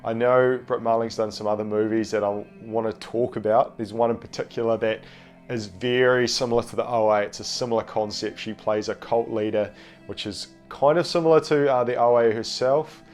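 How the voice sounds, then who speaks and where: A man's voice: mid-range voice, fairly even intonation, a little fast, a little mellow, soft background music. A man hosting a casual film review video, nasal from a cold, talking in a rambling, hesitant way with many fillers. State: has a cold. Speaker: film review channel host.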